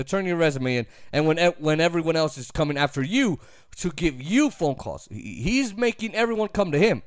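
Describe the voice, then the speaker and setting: A man rants about football in an emphatic, opinionated way, hammering his points through repetition. His voice sits high and leaps up and down with energy. The sound is dry, with no room echo. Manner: emphatic, repetitive, laughs easily. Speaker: sports commentator. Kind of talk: opinionated sports talk rant.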